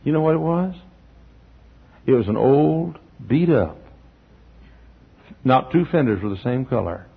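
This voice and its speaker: A male pastor preaching a sermon in a church, telling stories, acting out the people in them and often clearing his throat. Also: medium pitch, expressive, unhurried, long pauses. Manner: storytelling, acting out quotes, frequent throat clearing. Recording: dull lo-fi sermon recording.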